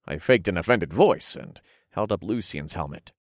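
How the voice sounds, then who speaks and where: Lively, low-voiced male fantasy narrator. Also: moderate pace, dry recording, clean studio sound. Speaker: audiobook narrator. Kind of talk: first-person fantasy narration.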